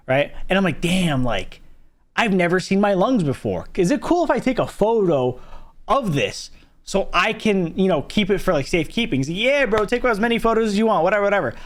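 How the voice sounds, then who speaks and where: A young man telling a personal story on a livestream, animated and profane, swinging up into loud exclaims. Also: fairly high pitch, fairly quick.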